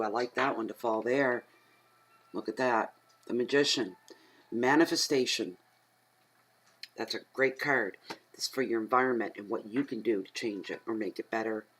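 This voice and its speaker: A middle-aged woman from Atlantic Canada, a tarot reader who rambles and chats casually at home, talking aloud to herself and getting easily excited. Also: very deep voice, slight background noise, rough recording. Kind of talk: casual chatty tarot reading.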